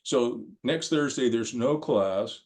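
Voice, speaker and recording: A man's voice: mid-range voice, takes it slowly, a little mellow. Older man giving a rambling lecture. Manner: rambling storyteller, frequent ums and restarts. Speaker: course lecturer. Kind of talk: conversational lecture with anecdotes.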